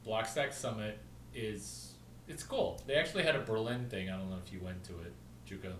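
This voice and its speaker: A man rambling through an offhand story, hopping from one topic to the next and pausing to spell things out letter by letter. He sits back from the microphone in a roomy space, so his voice carries a noticeable echo. A faint hiss of ambience sits under his talk. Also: fairly low pitch, far from the mic. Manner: rambling, jumps between topics, spells out names. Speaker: video host.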